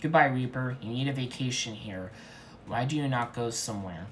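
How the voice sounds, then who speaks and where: A man doing Garfield, a loud macho hero cat. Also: medium pitch, animated, moderate pace, slight background noise, lightly acted. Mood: boastful. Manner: loud, bossy commands. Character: boastful macho cartoon-cat hero, male.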